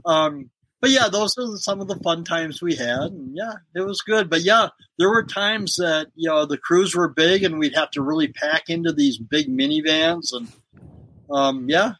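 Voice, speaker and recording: A man's voice: fairly high pitch, moderate pace, fairly bright tone, breathy edge, dry recording, low-quality recording. A middle-aged man, a former wrestler, telling road stories in a casual interview and laughing often. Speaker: guest, former pro wrestler.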